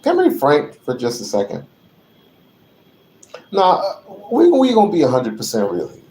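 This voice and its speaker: A man hosting his channel, delivering a profane, repetitive rant that builds to shouting. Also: on the high side, wildly swooping pitch, moderate pace. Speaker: channel host. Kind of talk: ranting commentary. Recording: roomy echo.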